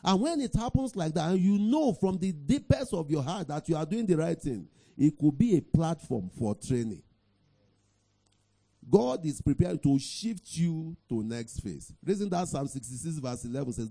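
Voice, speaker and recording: Male preacher, middle-aged, high lively voice, emphatic sermon delivery. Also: gravelly. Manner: emphatic, drawn-out scripture reading with bursts of shouting, repeats "Praise the Lord".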